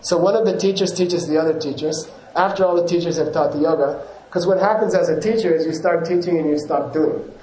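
Yoga teacher guy rambling to his class, kinda high mellow voice, chuckles a lot, echoey room w faint hum. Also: brisk. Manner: rambling, chuckles often, self-correcting. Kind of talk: casual teaching talk to a class.

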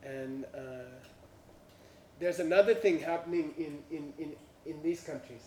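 In a roomy recording made from a distance, with a little hiss or hum, a man speaks a bit slowly in a darkish voice that sits on the high side. He tells an audience an anecdote in non-native English, chuckling at his punchlines and frequently saying "you know" and "uh."

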